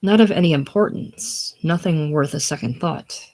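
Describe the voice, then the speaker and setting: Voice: mid-range voice, normal speed, a little mellow, lightly acted. A reader voicing a sickly, lonely older man with a grandiose, self-pitying manner in a casual play reading. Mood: brooding. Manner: theatrical, brooding, self-pitying.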